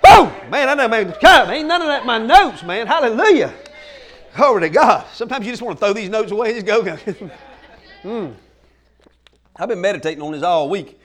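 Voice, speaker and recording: A male pastor preaches at full energy. His voice sits very high, and he keeps peppering his lines with casual fillers. He often builds into loud, shouted rallying bursts. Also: fairly quick, some chatter behind. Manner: excitable, shouting bursts, folksy "man" fillers. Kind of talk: energetic sermon.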